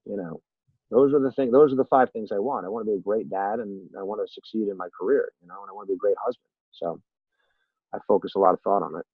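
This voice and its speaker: A man's voice: lowish voice, quick pace, husky, dry recording. A man as a podcast guest in casual interview chat, a rambling, self-deprecating storyteller who acts out quotes. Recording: tinny phone-line sound, dry.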